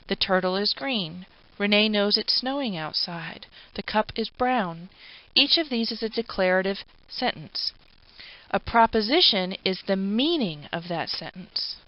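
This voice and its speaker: A woman's voice: mid-range voice, animated, a little slow, no echo. A woman giving a recorded philosophy lecture, explaining patiently with informal asides. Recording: dull, dry lo-fi recording.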